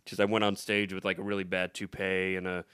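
A man hosting a comedy podcast, chatting casually and trading playful puns and quick jokes. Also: sits low, completely flat delivery, fairly bright tone, clear, resonant tone, dry recording, clean studio sound. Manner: quick-witted, playful wordplay. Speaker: comedian host.

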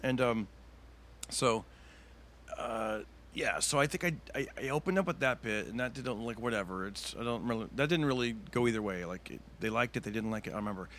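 Rambling comedian telling old war stories. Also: male voice, mid-range voice, fairly quick, fairly bright tone, a little hiss or hum. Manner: rambling, full of fillers, bursts into cartoon impressions. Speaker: stand-up comedian, podcast guest. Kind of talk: casual storytelling chat.

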